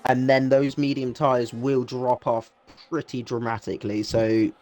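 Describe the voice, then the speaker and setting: A man's voice: medium pitch, little pitch movement, unhurried, darkish tone. A man giving analytical co-commentary on a sim racing broadcast, often restarting and repeating words. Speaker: race commentator.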